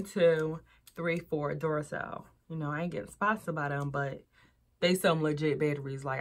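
A woman's voice: on the low side, a bit bright. A young woman, chatting frankly to camera as a vlogger and calling her viewers y'all. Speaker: vlogger reviewing adult toys. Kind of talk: casual chat to camera.

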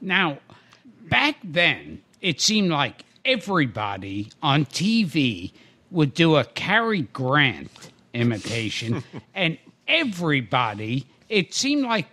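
A man hosting a podcast interview, with a drawn-out, exaggerated delivery. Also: fairly high pitch, bright, forceful tone. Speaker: host.

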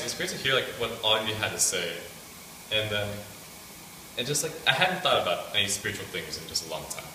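A man's voice: lowish voice, expressive, fairly quick, pushed and bright, slight background noise. A young man casually telling a personal faith testimony to a student group, rambling with many fillers. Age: young adult. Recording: echoey room picked up from a distance.

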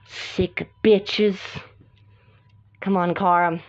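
A woman voicing several girl characters in a hobby drama, exclaiming frantically and swinging between shouts and mutters. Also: a little high, moderate pace, slight background noise. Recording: dull lo-fi recording with music behind.

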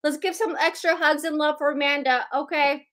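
A woman's voice: high voice, steady tone, moderate pace, a bit bright. A woman hosting a live sales stream, greeting viewers by name in a bubbly, chatty way.

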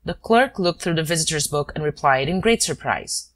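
A woman narrating a classic story as an audiobook, low-voiced for a woman and speaking steadily. Her reading moves in lively pitch swings. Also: moderate pace. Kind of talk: scripted narration.

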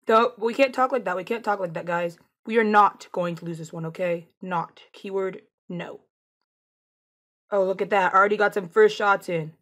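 A woman giving casual, excitable commentary over her own shooter gameplay, taunting opponents as she plays. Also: medium pitch. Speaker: gameplay streamer.

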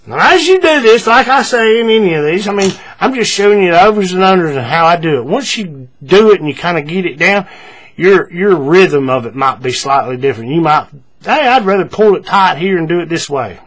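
Man, craft tutorial, husky, a bit high, casual step-by-step talk. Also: a little fast. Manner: relaxed, repetitive instructions with frequent fillers. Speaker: paracord tutorial maker.

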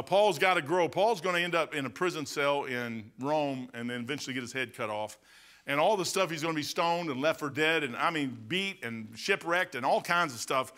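Midwestern American male pastor, mid-high bright voice, folksy and emphatic, preaching with rhetorical questions. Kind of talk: sermon.

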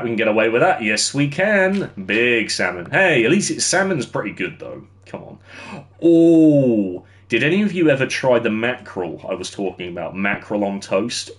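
This streamer is a young man who laughs readily as he builds in-game and talks with his viewers. His voice is lowish with a slightly bright quality, and the commentary stays casual.

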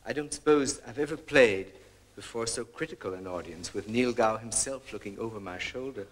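A man's voice: lowish voice, normal speed. A man leading a rehearsal, courteous and precise, singing out rhythms in nonsense syllables to show the phrasing. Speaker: visiting violinist leading a workshop. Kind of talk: rehearsal coaching.

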